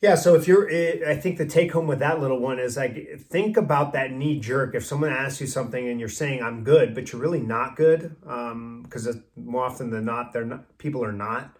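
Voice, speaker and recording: A man's voice: medium pitch, moderate pace, hardly any pauses. Man, personal trainer, podcast co-host, easygoing, explanatory, casual. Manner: easygoing, explanatory, drifts into acted-out dialogue.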